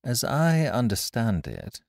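A man voicing a composed, secretive young woman who speaks calmly and steadily. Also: medium pitch, no room sound, studio quality, voice pushed up, heavily acted. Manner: calm, measured and composed.

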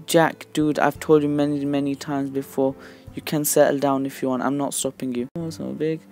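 A teenage boy giving excitable gameplay commentary as a channel host, shouting and squealing at big moments and then dropping to quick mumbled asides. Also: medium pitch, soft background music.

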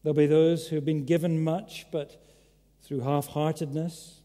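A man's voice: a little high, level tone, moderate pace, mellow. A man preaching a sermon, earnest and emphatic, pressing his listeners with direct questions. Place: large church hall. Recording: echoey church hall.

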